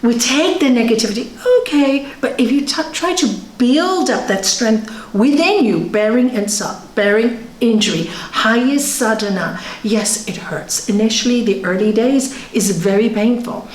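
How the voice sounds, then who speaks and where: This woman yoga teacher's pitch sits fairly high, and she speaks a little slowly with hardly any pauses. Her spiritual talk is chatty and lively, full of stories where she performs the quotes, recorded in the echoey hall of a yoga centre.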